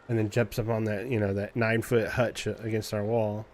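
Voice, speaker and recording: A man streamer chatting casually, telling an animated story in a loose, profane way and imitating cat noises. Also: on the low side, normal speed. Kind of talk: casual chat.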